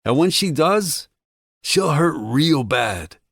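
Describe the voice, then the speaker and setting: A man's voice: a little high, animated, takes it slowly, creaky, fairly bright tone, breathy edge, dry recording, clean studio sound, voice pushed up, heavily acted. A man voicing a crude, spiteful male thug with a Boston accent, slurring and sneering his words. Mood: vicious. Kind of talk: audiobook character voice.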